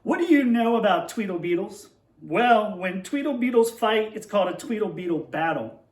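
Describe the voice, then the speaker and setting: A man's voice: high voice, expressive, normal speed, echoey room, recorded from a distance. A man teaching young children, playfully reading a tongue-twister picture book aloud and then explaining a math lesson at a board.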